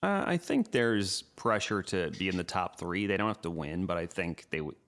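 A man's voice: low voice, expressive, normal speed, fairly bright tone, no room sound. A man co-hosting a casual sports podcast from his living room, rambling and hedging with lots of fillers. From New York City. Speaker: podcast co-host.

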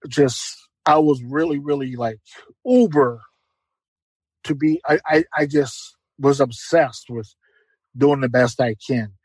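A man's voice: mid-range voice, slow pace, a little mellow, husky, no echo, rough recording. A middle-aged man giving an earnest, heartfelt personal testimony as an interview guest, repeating phrases for emphasis.

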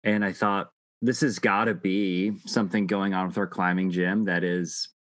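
A middle-aged man telling a long personal story in casual chat, halting and restarting often. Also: sits low, flat delivery, fairly bright tone, no room sound. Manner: rambling, halting with many restarts.

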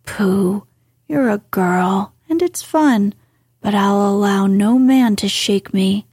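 A woman voicing a sulky, proud young gentleman in a soft, slow whispered role-play reading. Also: medium pitch, breathy edge, dry recording, studio quality.

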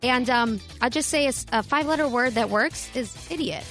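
A woman co-hosting a morning radio show, excitable as she chats and reads listener texts. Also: fairly high pitch, a little fast, faint music behind. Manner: excitable, laughing. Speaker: radio co-host.

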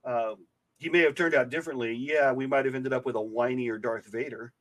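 A man's voice: mid-range voice, fairly even intonation, brisk, poor audio. A man co-hosting a casual fan podcast, joking and quoting film lines in playful put-on voices. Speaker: podcast co-host.

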